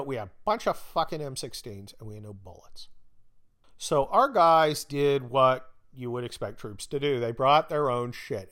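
A man's voice: mid-range voice, fairly bright tone. A man in his fifties telling a story in casual, blunt, profane talk and acting out the people he quotes. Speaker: podcast host.

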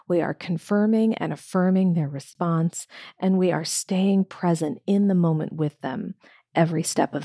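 A woman coach giving a calm, measured lesson on guiding clients, with gentle repetition. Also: lowish voice, gravelly, no echo, studio quality. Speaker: coach trainer. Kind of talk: instructional talk.

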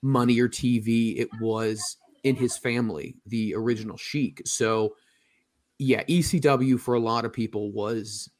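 A man's voice: mid-range voice, fairly even intonation, measured pace, no echo, clean studio sound. A man hosting an interview, asking long, conversational questions. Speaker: interview host. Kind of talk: casual interview.

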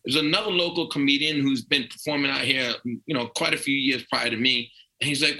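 A man's voice: mid-range voice, normal speed, creaky, low-quality recording. A man from New York with a New York accent, a comedian guest telling a story in casual chat and acting out the people he quotes. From Brooklyn/Long Island, New York. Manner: animated, acts out quoted voices.

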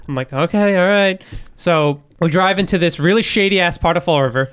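A man's voice: sits high, fairly quick, fairly bright tone, smooth. A young man on a casual podcast, telling a story with swearing and acting out the quotes. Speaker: guest storyteller.

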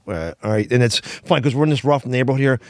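A man's voice: medium pitch, no echo, studio quality. A man telling long rambling stories in casual podcast chat, stumbling over restarts. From Philadelphia area. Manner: rambling, halting with many restarts. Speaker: podcast guest. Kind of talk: casual storytelling.

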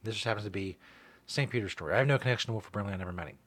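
A man's voice: fairly low pitch, rapid-fire. A man hosting a comedy podcast, introducing a segment with a dry, wry build-up. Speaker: podcast host.

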